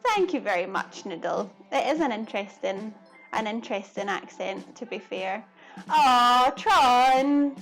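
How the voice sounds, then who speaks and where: A woman's voice: fairly high pitch, animated, unhurried, a bit bright, faint music behind. A woman chatting casually to her viewers during a live cooking stream, giggling often.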